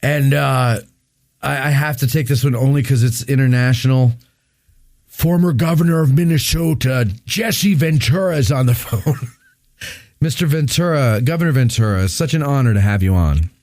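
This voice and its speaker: A man's voice: mid-range voice, normal speed, darkish tone, no room sound, clean studio sound. A man hosting a talk show with callers, casual and teasing, laughing often. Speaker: host.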